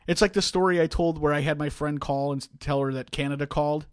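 A man's voice: on the high side, quick pace, hardly any pauses, no echo, clean studio sound. A man in his thirties co-hosting a casual comedy podcast, telling a story and acting out the people in it. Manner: animated storyteller, acts out quoted voices. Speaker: podcast co-host.

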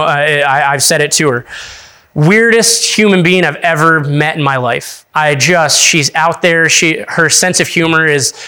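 A man's voice: a little high, pushed and bright, clean tone. A young adult man, an associate pastor, preaching in a casual storytelling way, laughing often and restarting his sentences.

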